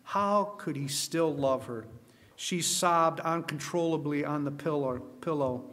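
An earnest man reads a story aloud with expression. His voice is somewhat high for a man. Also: unhurried, fairly bright tone. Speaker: storyteller at a camp meeting. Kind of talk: story reading.

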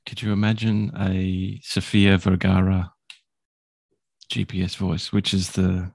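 A man chatting casually as a co-host, relaxed and hesitant with restarts. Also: low-pitched, measured pace, creaky, no room sound. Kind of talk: casual chat.

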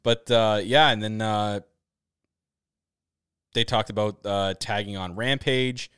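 A man from Canada hosts a casual podcast chat in a fairly low, smooth and resonant voice. He rambles excitably, often restarting his sentences. The sound is dry and close. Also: takes it slowly, no echo. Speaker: podcast host. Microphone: camera setup on a video call.

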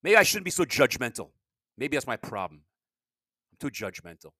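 Stammering middle-aged man, lively rambling talk. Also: medium pitch, normal speed, dry recording, studio quality. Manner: stammering, repeats words, candid and blunt. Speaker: podcast host and comedian. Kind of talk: rambling confessional monologue.

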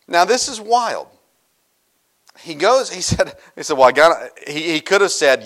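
A middle-aged male pastor preaching a sermon in a casual, joking storytelling manner with quick asides. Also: a little high, sing-song, a bit bright.

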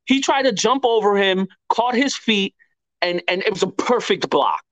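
Excitable, swearing man podcast co-host. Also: sits high, low-quality recording. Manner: excitable, profane, halting with many restarts. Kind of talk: casual sports podcast chat.

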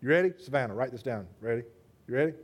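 Speaking very fast in a mid-range voice, a male pastor preaches a sermon in a lively, conversational way. He calls out members of the congregation by name.

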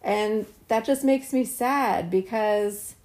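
A middle-aged woman with a mid-range, slightly mellow voice talks slowly as a podcast co-host. Her casual chat is earnest and full of stories and fillers.

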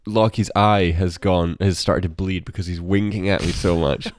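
A man's voice: sits low, fairly even intonation, moderate pace. A man co-hosting a podcast in casual chat about films, sardonic and swearing freely. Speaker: podcast co-host.

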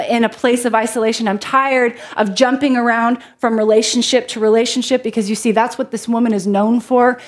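Woman preaching a chatty sermon. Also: fairly high pitch. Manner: conversational, jokes with the congregation. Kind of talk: sermon with Bible reading. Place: church before a congregation.

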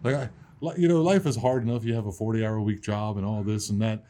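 A man co-hosting a casual podcast chat, joking and teasing his co-host and quick to laugh. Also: lowish voice, fairly even intonation, warm tone, a little hiss or hum.

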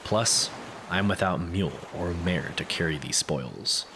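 Man reading letters, very low voice, measured delivery, noisy backdrop. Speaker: reader of community letters. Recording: steady background noise.

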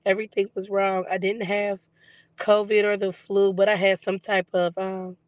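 A woman vlogging a casual video journal, her voice still recovering after being lost for weeks, telling stories in a relaxed, chatty way with plenty of fillers. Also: mid-range voice, normal speed, no room sound. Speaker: psychic medium vlogger.

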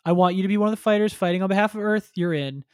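A man's voice: sits high, racing, clear, resonant tone, dry recording, clean studio sound. A man chatting casually on a podcast, retelling a story and acting out characters with crude humor. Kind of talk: casual chat.

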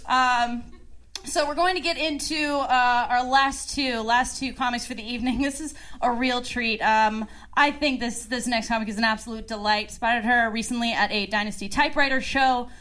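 A woman's voice: fairly high pitch, fairly even intonation, normal speed, a bit bright. A woman hosting a stand-up comedy show on a club stage, chatty and playful as she brings on the next comic. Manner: chatty, playful, acting out quotes.

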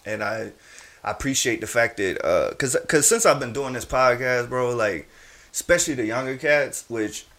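A man's voice: mid-range voice, lively intonation, moderate pace, a bit bright. A man in his thirties from Charleston, hosting a casual podcast in a laid-back, slangy way and laughing often. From Charleston, South Carolina. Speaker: podcast host.

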